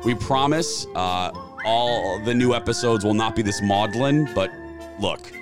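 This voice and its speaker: Animated storytelling man in his forties. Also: fairly low pitch, measured pace, over music. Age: 40s. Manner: animated storyteller, acts out quoted dialogue. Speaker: podcast co-host. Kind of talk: casual chat.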